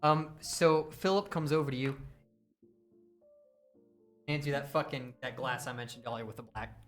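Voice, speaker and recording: A man narrating a tabletop role-playing game as game master, in a loose, swearing way with quick asides. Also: mid-range voice, steady tone, soft background music.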